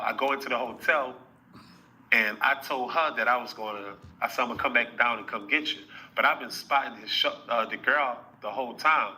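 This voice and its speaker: A man's voice: mid-range voice, bright, forceful tone, low-quality recording. A man telling a boastful story in casual, slangy talk, often checking in with the listener. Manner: boastful and slangy, with frequent tag questions. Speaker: rapper telling a story in an interview clip.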